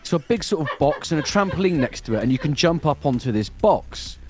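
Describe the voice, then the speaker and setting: A man's voice: on the high side, expressive, fairly quick, over music. A man chatting casually on a live stream, telling a story with frequent laughs. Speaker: streamer co-host. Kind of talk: casual chat.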